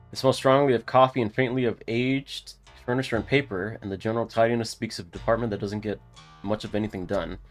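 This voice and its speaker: A man hosting a let's play, reading a story game aloud and thinking out loud in a casual way. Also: lowish voice.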